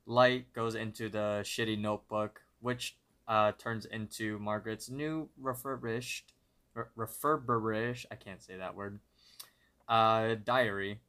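A man's voice: fairly low pitch, fairly even intonation, takes it slowly, bright, forceful tone. A man co-hosting a podcast, narrating a cartoon plot step by step with small slips and corrections. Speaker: podcast co-host. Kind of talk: casual episode recap.

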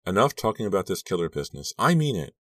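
A prim, worried teenage girl fixated on danger, in a storybook reading as a man puts her on. Her lines float above his low voice. The sound is dry and close. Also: sing-song, fast talker, a bit bright, no echo, far from the mic, exaggerated voice. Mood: anxious. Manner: anxious, prim.

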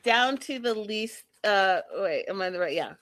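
Woman streamer, middle-pitched, sassy and exasperated recapping for her chat; dry, close sound. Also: moderate pace, dry recording. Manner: sassy, animated, exasperated commentary addressing viewers. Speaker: host recapping a reality show. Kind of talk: casual live-stream recap.

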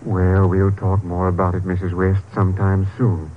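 An actor playing a calm, clinical psychiatrist, in 1940s radio acting on a tinny old broadcast. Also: male voice, low voice, faint music behind, lightly acted. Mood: measured. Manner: measured, clinical. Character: measured, professional male doctor.

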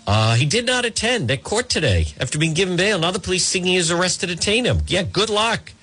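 A man holds forth on talk radio in a husky voice. His pitch rises and falls all over the place as he rambles and tosses in sarcastic asides. He speaks into a studio microphone. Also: expressive, fairly quick, pushed and bright. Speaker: radio talk show host.

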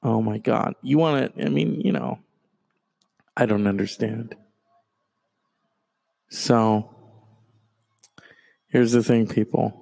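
A man doing stand-up storytelling, profane and animated, jumping from loud outbursts to low mutters. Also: slow, creaky, pauses often.

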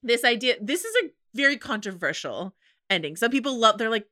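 A woman co-hosting a podcast in casual chat, animated and emotional, swearing freely. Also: fairly high pitch, fairly quick, dry recording, studio quality. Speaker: podcast co-host.

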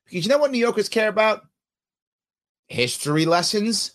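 A podcast host with a New York accent talks bluntly over speech clips. His pitch swings widely and sits a little high for a man. He talks with open scorn and keeps pushing his point. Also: expressive, normal speed, pauses often, fairly bright tone.

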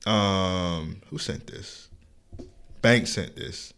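A man's voice: deep voice, drawn-out words, fairly bright tone, clear, resonant tone. A young man hosting a podcast, telling stories in a loose, joking, slangy way. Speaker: podcast host. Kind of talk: casual chat.

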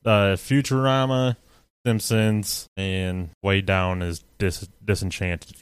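A young man co-hosting a podcast, chatting in a laid-back way and swearing freely. His voice is low and smooth. The sound is close and dry. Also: little pitch movement, slow pace, no echo. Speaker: podcast co-host. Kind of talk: casual chat.

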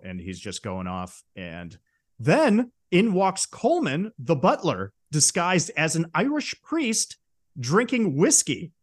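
A man's voice: a little high, sing-song, moderate pace. A man hosting a podcast, casually recapping a comedy film plot in an amused, chatty way. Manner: chatty, amused retelling with brief quoted impressions. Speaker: podcast host.

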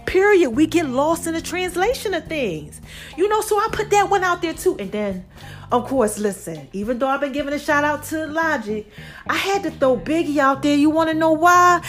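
Breathless woman vlogger, bright high pitch, lively direct-address chat over soft background music. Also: a little fast. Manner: chatty and animated, addresses viewers directly. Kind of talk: casual talk to camera.

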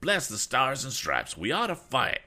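A man voicing an excitable, eccentric older gentleman who blusters and exclaims. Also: mid-range voice, moderate pace, vocal fry, slightly rough, pitched above the performer's own voice, exaggerated voice. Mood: blustering.

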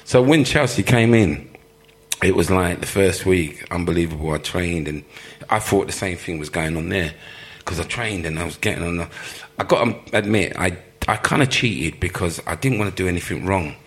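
A former footballer telling lively stories in an interview, laughing often and acting out the people he quotes. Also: sits low, moderate pace. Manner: animated storyteller, laughs often, acts out quoted voices. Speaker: former professional footballer, guest. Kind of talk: live storytelling interview.

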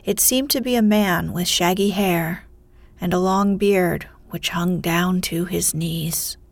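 A woman reading a fairy tale aloud in a soft voice that often drops to a whisper, in whispered storytelling. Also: on the low side, takes it slowly, gravelly, no room sound.

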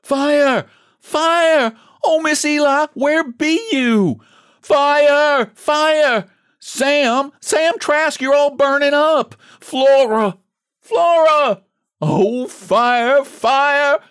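A man voicing a frantic, stubborn countrywoman who raises a fire alarm in shrill, urgent country speech. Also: expressive, moderate pace, hardly any pauses, a bit bright, no room sound, clean studio sound. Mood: frantic shouting.

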